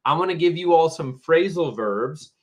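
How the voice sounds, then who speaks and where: Man, english teacher, live stream lesson, patient, repeats words slowly. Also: on the high side, lively intonation. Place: home, Tampa area.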